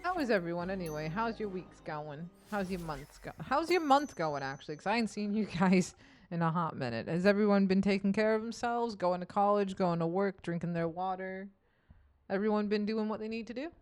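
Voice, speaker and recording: A woman's voice: mid-range voice, brisk. Chatty, swearing young woman streamer. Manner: swears freely, chatty, laughs. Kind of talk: casual chat with viewers.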